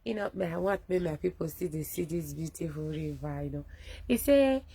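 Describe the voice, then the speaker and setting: A woman's voice: low-pitched, steady tone, brisk, mellow, slightly rough, poor audio. A woman with a Nigerian accent giving a fervent, rallying address to viewers on a live phone video from a friend's home. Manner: fervent, rallying, mixing Pidgin and English. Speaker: activist broadcaster.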